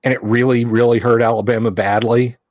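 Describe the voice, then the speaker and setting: A man hosting a casual livestream from a home studio, rambling and teasing his chat, halting with fillers. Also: mid-range voice, level tone, a little mellow, dry recording, highs cut off. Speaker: livestream host.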